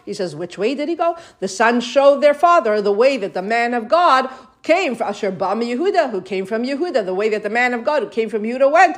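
A woman teaching a scripture story, reading Hebrew verses and retelling them in lively English. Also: on the high side, fairly quick. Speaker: Torah teacher. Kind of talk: retelling and explaining a scripture passage.

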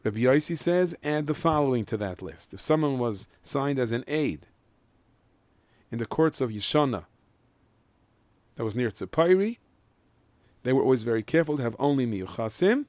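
A man teaching a Mishnah lesson in Yeshivish English with Ashkenazi Hebrew, explaining each line and chanting the Hebrew text slowly. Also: mid-range voice, lively intonation, darkish tone, dry recording. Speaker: Torah teacher.

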